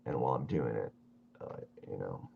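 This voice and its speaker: A tired, yawning man chatting casually while he draws on a live stream, rambling and halting with many fillers. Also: a bass voice, lively intonation, vocal fry, narrow, tinny audio, a little hiss or hum. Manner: meandering, halting, self-talk with fillers. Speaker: artist streaming his drawing.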